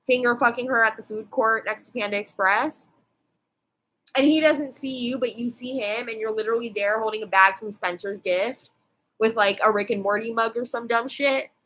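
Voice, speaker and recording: Twenties woman, bright, slightly high voice; rambling, sweary vlog rant full of fillers. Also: moderate pace, poor audio. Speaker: vlogger.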